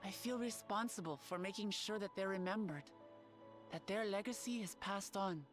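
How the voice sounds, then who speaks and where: Woman voicing a steady determined young woman, clear music behind. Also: mid-range voice, moderate pace, natural voice. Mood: resolute. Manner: steady, resolute.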